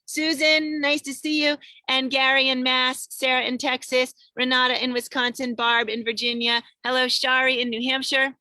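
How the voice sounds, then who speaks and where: Speaking at a moderate pace, this woman has a high-pitched, pushed, bright voice with flat delivery, captured dry. She's hosting a singing show online via video call from her car, parked on a road trip, upbeat and chatty as she names viewer after viewer.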